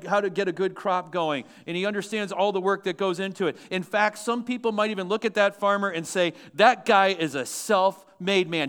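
Guy preaching in church, kinda high voice, punchy and asks the crowd stuff. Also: a bit bright, clean tone. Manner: emphatic preaching, asks the congregation questions. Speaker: pastor. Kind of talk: sermon.

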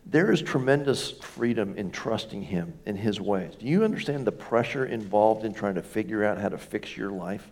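A man's voice: on the low side, expressive, normal speed, hardly any pauses. A man preaching as a pastor in a conversational storytelling sermon, folksy, with self-deprecating humor and rhetorical questions.

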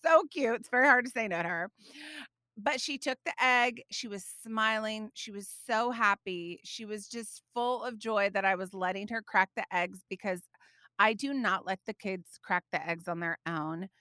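Bright, chatty woman podcast host. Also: mid-range voice, moderate pace, no echo, clean studio sound. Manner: animated, chatty, frequent laughs; frequent fillers such as like and you know. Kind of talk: personal devotional storytelling.

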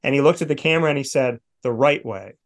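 A man's voice: medium pitch, fast talker. A man who hosts a sports broadcast, chatting casually and acting out quotes as he tells stories. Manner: animated storyteller, acts out quotes.

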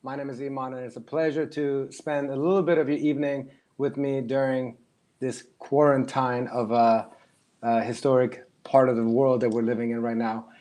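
A man's voice: medium pitch, flat delivery, normal speed. Friendly man hosting an online show. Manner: warm and friendly, praises the guest, chuckles often. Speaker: host. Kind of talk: casual online interview.

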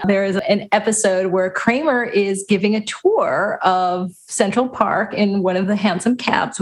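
Good-humored woman podcast co-host. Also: medium pitch. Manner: good-humored, chatty, laughs easily. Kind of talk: casual podcast chat.

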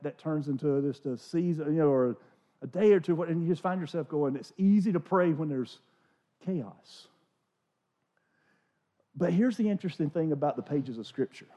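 A man in his forties preaching a sermon as a pastor, telling stories in an animated, conversational way with many restarts. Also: a little high. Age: 40s. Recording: dull lo-fi recording.

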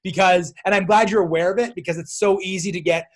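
A man with a high-pitched voice and quick pace hosts a casual interview podcast. He tells stories with animation and laughs often.

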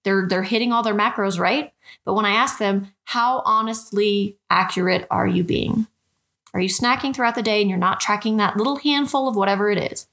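A woman's voice: medium pitch, creaky, fairly bright tone. A woman nutrition coach talking straight to her podcast listeners, frank and chatty, often calling them "guys". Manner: direct, frank, keeps addressing listeners as "guys"; chatty, with quick restarts and rhetorical questions. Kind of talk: podcast monologue.

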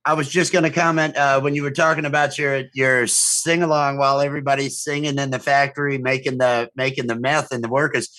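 A man's voice: mid-range voice, flat delivery, brisk, hardly any pauses, pushed and bright, no room sound. A man co-hosting a podcast, chatting casually and hesitantly with many fillers. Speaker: podcast co-host. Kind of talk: casual chat.

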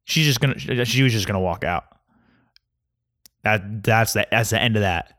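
A man's voice: lowish voice, moderate pace, a bit bright. A young man ranting in a casual comedic monologue, grumpy and mocking. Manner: grumpy, ranting, mocks mispronunciations.

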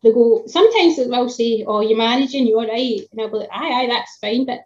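A woman's voice: a little high, fairly quick, darkish tone, dull audio. A woman, a tradeswoman chatting casually on a video call, with lots of fillers and laughs. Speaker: tradeswoman guest.

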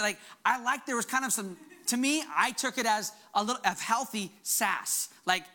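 A male pastor preaching a conversational sermon, breaking off and restarting his sentences and jumping up high when he acts out quoted lines. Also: normal speed, hardly any pauses. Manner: animated, voice jumps high when acting out quotes; conversational, self-interrupting.

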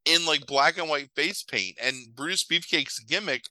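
Brief: male podcast host, profane storyteller, tense bright tone. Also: medium pitch, normal speed, few pauses, no room sound, rough recording. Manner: animated, profane, rambling retelling. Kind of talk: casual chat.

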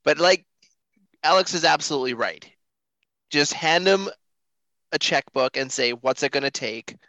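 A man's voice: a little high, expressive, moderate pace, pushed and bright, no echo, poor audio. A man co-hosting a sports podcast, emphatic and agreeable in banter. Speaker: podcast co-host. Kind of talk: casual sports chat.

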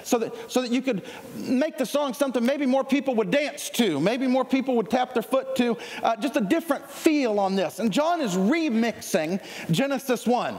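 A man with a Southern US accent preaching a sermon, lively and conversational, with jokes and asides to his congregation. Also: extremely high pitch, normal speed, few pauses. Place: church sanctuary. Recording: long hall reverb.

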